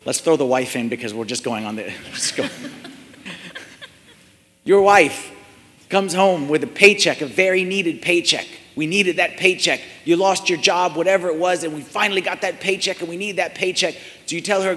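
A man's voice: high voice, moderate pace, sharp tone, in a large hall. A man preaching a sermon in a church, asking the congregation many rhetorical questions and repeating phrases for emphasis.

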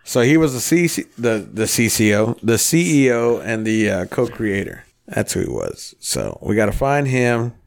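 A man's voice: mid-range voice, big pitch swings, moderate pace, vocal fry, hardly any pauses. A man in his thirties hosting a casual podcast, telling long rambling stories full of swearing. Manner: profane, rambling storyteller. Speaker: podcast host.

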